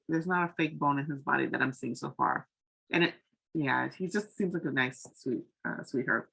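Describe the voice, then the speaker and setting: A woman's voice: low-pitched, creaky, a bit bright, rough recording. A woman casually recapping a reality dating show, chatty and frank, with lots of fillers. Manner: chatty, loose, heavy on fillers like "um" and "like"; frank and opinionated. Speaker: TV recap vlogger.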